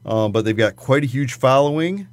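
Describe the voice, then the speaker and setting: Man, relaxed podcast guest, rambling with fillers, dead-dry sound. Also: medium pitch, normal speed, no echo. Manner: explains at length with many fillers and restarts. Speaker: cigar reviewer guest. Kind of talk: casual chat.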